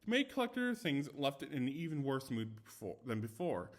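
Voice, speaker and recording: A man's voice: medium pitch, very animated, brisk. Young man casually reading ghost stories. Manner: chatty, self-commenting, stumbles and restarts. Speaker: story reader. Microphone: no dedicated microphone.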